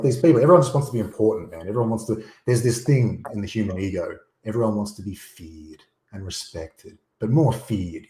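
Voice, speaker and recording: Aussie guy, deep-ish voice, blunt and sweary, echoey room on a call. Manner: blunt, profane, opinionated. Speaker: guest. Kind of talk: casual chat.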